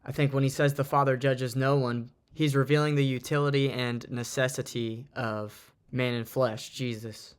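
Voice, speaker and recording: A man's voice: medium pitch, fairly even intonation, normal speed, hardly any pauses, clear, resonant tone. A man giving an earnest, reflective Bible teaching, reading and explaining from his notes. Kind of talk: informal Bible study talk.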